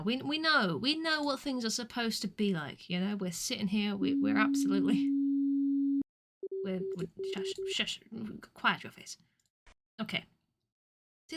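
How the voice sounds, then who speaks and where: A woman streamer chatting casually over a game, self-mocking and prone to sudden loud shouting. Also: a little high. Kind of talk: casual gameplay commentary. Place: home.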